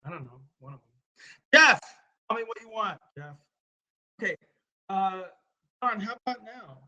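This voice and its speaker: A man's voice: high-pitched, animated, moderate pace, bright, forceful tone, low-quality recording. A man hosting a live stream, talking to his viewers through a laptop's built-in mic, blunt and profane, repeating his questions at people in the chat.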